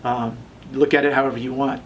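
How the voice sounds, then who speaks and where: A man's voice: medium pitch, flat delivery, a little fast, distant mic, slight background noise. A man in his thirties, a tattoo shop owner, tells his story in a casual interview, rambling and often restarting. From Las Vegas, USA.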